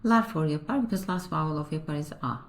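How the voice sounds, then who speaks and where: A woman teaching a beginner language class, calm and patient as she builds each example one step at a time. Her voice sits a little low. She slows down and says each example sentence carefully. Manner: patient, explaining and repeating slowly. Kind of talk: step-by-step grammar lesson.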